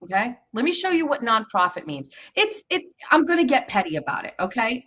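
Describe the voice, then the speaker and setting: A woman's voice: on the high side, very animated, brisk, hardly any pauses, fairly bright tone, low-quality recording. A young adult woman, hosting her show in a heated, profane monologue, repeating herself as she pushes back at critics. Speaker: show host.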